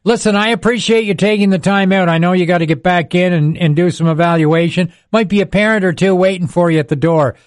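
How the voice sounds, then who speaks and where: An older man, spinning a rambling sports story and chuckling as he goes. His voice sits a little high for a man. The sound is close and dry, with no room around it. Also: fairly even intonation, fast talker, hardly any pauses, dry recording. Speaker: radio sports broadcaster and host. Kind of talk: casual storytelling chat.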